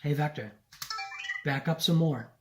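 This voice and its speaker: A man's voice: fairly high pitch, a little slow, music in the background. A man vlogging at a home countertop, coaxing and chatting to a little robot as if it were a pet. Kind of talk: casual vlog, talking to a toy robot.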